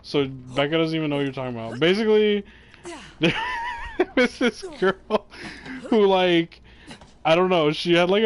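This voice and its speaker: A young man in casual, joking chat with his girlfriend, cursing freely and defending himself with a grin. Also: on the high side. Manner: laid-back, swears a lot, jokey. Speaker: boyfriend chatting on camera.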